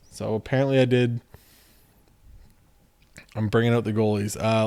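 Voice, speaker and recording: A man hosting a card-opening video, chatting casually and joking as he reads off names in quick runs. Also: mid-range voice, fairly even intonation, mellow, clear, resonant tone. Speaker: card-opening channel host. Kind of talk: casual commentary while opening card packs.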